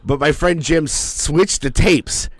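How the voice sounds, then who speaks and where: A man's voice: on the high side, unhurried. A man in his forties co-hosting a podcast, telling profane school stories in casual chat and mimicking old teachers. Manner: profane storytelling, mimics teachers in funny voices. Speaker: podcast co-host.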